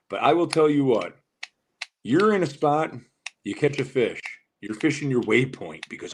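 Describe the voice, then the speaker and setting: A man's voice: mid-range voice, animated, normal speed, slight background noise. A man on a live fishing show telling long, winding stories that he peppers with swearing. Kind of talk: casual live show chat.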